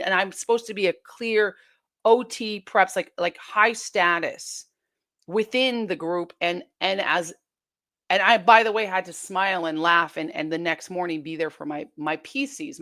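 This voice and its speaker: A woman speaks as a guest in a candid interview, her voice pitched slightly low. She is earnest and intense, often voicing her own past thoughts as she goes. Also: vocal fry, sharp tone. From United States.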